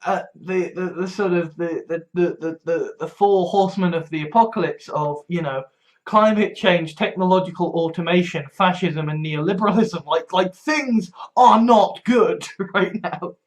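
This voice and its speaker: Speaking at a normal pace in a high-pitched voice, a male vlogger delivers a loose, rambling monologue. He trips over restarts, curses without restraint, and keeps breaking into wry laughter at his own expense.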